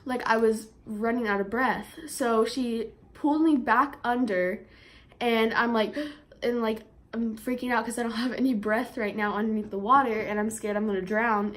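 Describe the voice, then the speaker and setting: A young woman vlogger telling a story in a chatty way, with lots of fillers, and getting animated when she quotes herself. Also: fairly high pitch, moderate pace. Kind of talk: storytime vlog.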